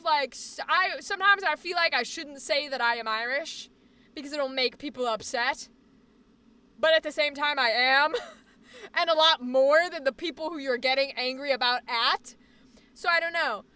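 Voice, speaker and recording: A woman's voice: high voice, sharp tone. An American woman live streaming, chatting casually and rambling, with plenty of swearing. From United States. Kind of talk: casual chat.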